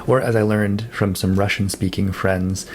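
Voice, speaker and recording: A man's voice: deep voice, level tone, normal speed, a little hiss or hum. A man talking casually about books he read, thinking aloud with fillers and self-corrections. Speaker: book vlogger. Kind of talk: casual monthly wrap-up talk.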